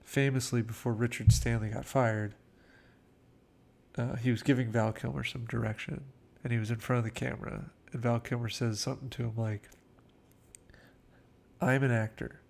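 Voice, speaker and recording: A man's voice: medium pitch, little pitch movement, a little fast, vocal fry, a little mellow. A man casually telling behind-the-scenes film anecdotes in a chatty way, acting out quotes. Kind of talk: casual storytelling commentary.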